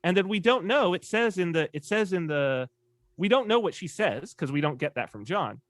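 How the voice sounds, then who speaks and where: Brief: man, podcast guest, animated storyteller, swinging lively pitch, dry close sound. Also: normal speed, dry recording. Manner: animated storyteller, acts out quoted voices. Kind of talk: casual conversation.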